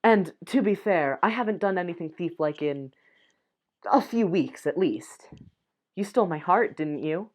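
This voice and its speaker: A woman's voice: on the low side, lively intonation, unhurried. A young woman reading a dating game's text and dialogue aloud, breaking off for giggly asides. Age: young adult. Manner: reads lines softly, breaks off with giggly asides.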